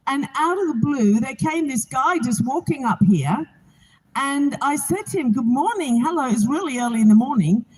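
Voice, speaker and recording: High-voiced earnest woman testifying. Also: expressive, normal speed, darkish tone, husky, poor audio. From England. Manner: earnest, heartfelt, preacherly. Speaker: Bible reading organizer. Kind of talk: spoken testimony to a gathering. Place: outdoors.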